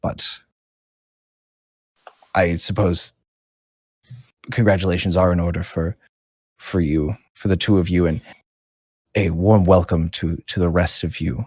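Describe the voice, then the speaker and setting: A man voicing a courteous male leader of a holy order, speaking calmly and formally. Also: deep voice, a little slow, long pauses, breathy edge, no echo, studio quality. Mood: gracious. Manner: calm and formal.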